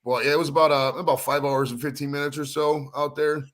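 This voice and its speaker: A man's voice: a little high, little pitch movement, fast, a bit bright. A middle-aged man from Ohio, chatting casually as a guest, laid-back and swearing freely. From Ohio, USA. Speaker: guest caller. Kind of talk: casual chat.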